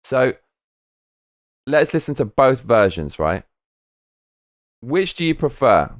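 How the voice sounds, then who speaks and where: A man's voice: medium pitch, sing-song, slow pace. Male streamer, casual and rambling, mid-range voice, explains ideas aloud with plenty of swearing. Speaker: livestreamer making a music track. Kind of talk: casual livestream chat.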